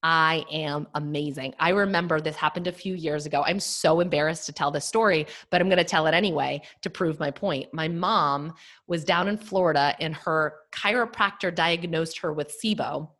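Candid, animated woman podcaster. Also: low voice, normal speed. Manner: candid, animated, uses many fillers. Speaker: podcast host and nutrition practitioner. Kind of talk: solo podcast monologue.

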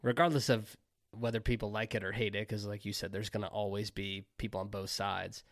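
A man's voice: fairly low pitch, flat delivery, fairly quick, no room sound, clean studio sound. A man hosting an interview, affirming his guest's answers before asking the next question. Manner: affirming, says "I love that" often. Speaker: podcast host.

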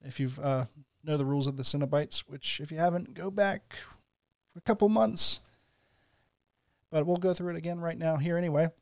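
A man's voice: a little high, moderate pace, pauses often, no echo, studio quality. A man co-hosting a casual podcast, reading game rules aloud with asides and laughing easily. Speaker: podcast co-host.

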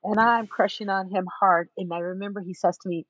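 A woman's voice: medium pitch, normal speed, no room sound, dull audio. A woman guest in an interview, telling her own story emphatically and acting out what others said to her. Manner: emphatic, animated, acts out other people's words.

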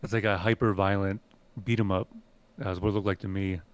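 Male podcast co-host, fast talker, lowish voice, blunt and casual. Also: flat delivery, smooth. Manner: quick, blunt, swears casually. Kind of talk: casual gaming chat.

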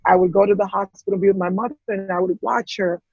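A woman, an interview guest, tells an emotional personal story in a halting way, full of restarts and repeated words. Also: medium pitch, vocal fry, a little mellow, slightly rough, dry recording, dull audio.

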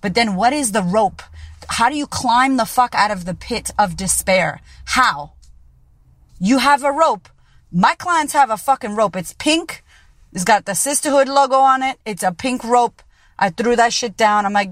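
A woman's voice: on the high side, normal speed, fairly bright tone, dry recording, studio quality. A woman podcast host and coach giving a blunt, profane motivational monologue. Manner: blunt and profane, keeps it real.

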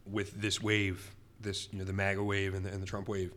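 Male podcast host, casual chat; animated, rambling delivery with a bright edge and a lower voice. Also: brisk.

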